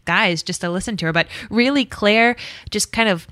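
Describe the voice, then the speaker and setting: A woman's voice: medium pitch, normal speed, sharp tone, dry recording. Wry woman, teasing podcast co-host, dry close sound. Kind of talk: casual chat.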